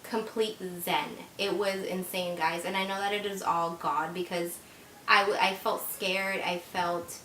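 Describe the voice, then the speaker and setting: A woman's voice: steady tone, unhurried, fairly bright tone. A young woman vlogger retelling a frightening personal experience in casual, emotional chat, full of likes and restarts. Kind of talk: casual storytelling to camera. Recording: echoey room with faint rumble.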